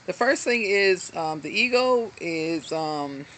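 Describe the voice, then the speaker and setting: A woman's voice: lowish voice, lively intonation, takes it slowly, a bit bright, a little hiss or hum. A woman giving an earnest, encouraging self-help talk to a hand-held camera, reading from a book with frequent ums and asides. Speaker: motivational self-help speaker. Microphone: self-filmed, camera held in hand at arm's length.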